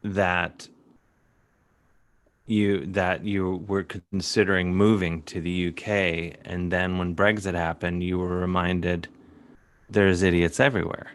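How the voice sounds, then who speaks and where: A man from suburban Cleveland hosts a relaxed comedic interview over a video call, asking his questions in a playful, goofy manner. His voice sits fairly low. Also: takes it slowly, dry recording. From suburban Cleveland, USA. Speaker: talk show host.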